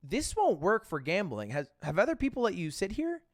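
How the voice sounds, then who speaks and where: Apologetic by-the-book casino security woman, as a male storyteller quotes her, soft and quick. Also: high-pitched, huge pitch swings, no echo, studio quality. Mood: apologetic firm. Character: polite firm woman casino security worker.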